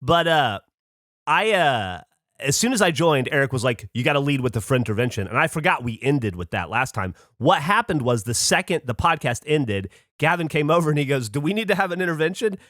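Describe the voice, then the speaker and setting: A man's voice: fairly high pitch, animated, brisk, fairly bright tone, no echo, studio quality. A tired man co-hosting a podcast, teasing his friends while telling stories in casual chat. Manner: teasing storyteller. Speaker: podcast co-host.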